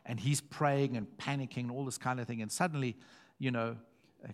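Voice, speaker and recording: A middle-aged man preaching a sermon, repeating phrases and swinging between hushed and loud. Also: mid-range voice, steady tone, a little fast. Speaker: pastor.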